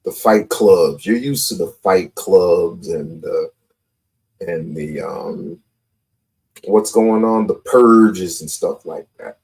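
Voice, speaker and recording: A man's voice: deep voice, takes it slowly, darkish tone. A man hosting a live call-in stream, talking confrontationally and repeating his points. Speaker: livestream host.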